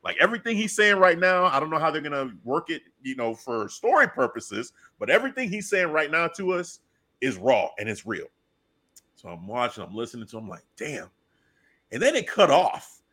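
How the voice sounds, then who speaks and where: A man in casual podcast chat, excitedly retelling a wrestling segment and acting out his own reactions. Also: a little high, a little fast.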